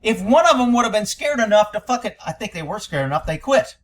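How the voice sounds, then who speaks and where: A man reacts to an interview recording with blunt, sarcastic, scornful commentary, sometimes swearing. His voice is high, sing-song and fast.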